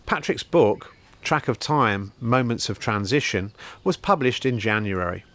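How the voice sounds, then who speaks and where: A man hosting a podcast from his bookshop, reading out shop news and introducing a guest in a measured way. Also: medium pitch, animated, fairly bright tone, dry recording. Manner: measured, read-out announcements. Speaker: podcast host, bookshop owner.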